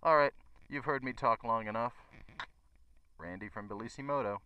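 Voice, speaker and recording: A man's voice: medium pitch, normal speed, highs cut off, a little hiss or hum. A man who runs a motorcycle shop, giving a chatty, enthusiastic bike review to his viewers. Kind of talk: casual bike review vlog.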